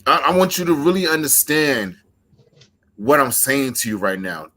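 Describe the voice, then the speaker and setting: A man's voice: medium pitch, sing-song, moderate pace, bright, forceful tone. Intense male wrestler cutting a promo. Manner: intense, emphatic, trash-talking.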